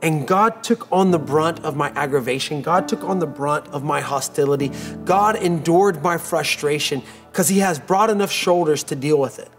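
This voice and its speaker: A man's voice: fairly high pitch, normal speed, faint music behind. A man preaching a sermon as pastor, telling a personal story in an earnest way and repeating phrases for emphasis.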